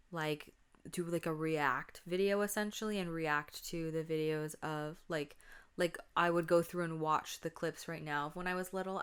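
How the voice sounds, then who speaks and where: A woman's voice: on the low side, a bit bright, clean tone. A young woman hosting a casual solo podcast, chatting and telling stories about her childhood, acting out the voices in them. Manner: chatty, laughing, acts out quotes. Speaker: podcast host.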